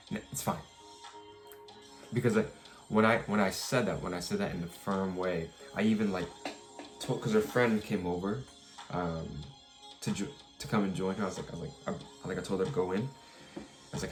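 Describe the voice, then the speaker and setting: Deep-voiced man venting in a vlog. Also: fairly even intonation, a little fast, faint music behind. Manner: rambling, restarts, swears, firm retelling. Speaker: vlogger. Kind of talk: casual storytelling vlog.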